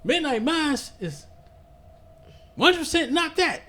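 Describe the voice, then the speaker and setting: A man's voice: extremely high pitch, unhurried. A man telling a funny story on a podcast in a casual chat, laughing often and stumbling over his words. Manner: animated storyteller, laughs often, stammers and restarts. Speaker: podcast host. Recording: noisy room ambience.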